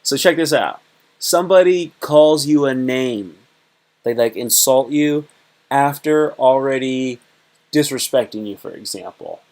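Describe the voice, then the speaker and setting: A man hosting a casual self-improvement livestream at an ordinary middle pitch. He rambles and repeats himself, restarting sentences and slipping into short acted-out exchanges. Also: animated, unhurried, a little mellow. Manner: rambling and repetitive, acts out dialogues. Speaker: host.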